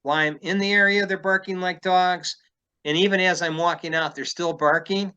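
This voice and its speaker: A man's voice: high-pitched, fairly even intonation, normal speed, bright, forceful tone, clear, resonant tone, lo-fi sound. A man from Illinois, hosting an interview and explaining things at length, thinking aloud as he talks. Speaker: podcast host. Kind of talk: conversational interview.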